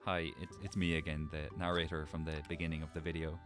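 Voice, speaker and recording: A man's voice: rumbling low, flat delivery, fast talker, music in the background. A man reading a scripted gameplay narration with a wry, dry sense of humor.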